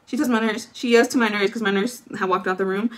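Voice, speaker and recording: Speaking quickly in a mid-range voice with fairly even intonation, a young woman tells a long story on her vlog. It's casual and chatty, packed with fillers and acted-out quotes.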